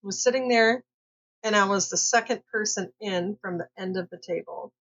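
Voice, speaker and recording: A woman's voice: medium pitch, moderate pace, fairly bright tone. A woman from Southern California telling a personal story in a casual, rambling way, hesitant and full of fillers and self-corrections. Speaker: vlogger. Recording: dull lo-fi recording.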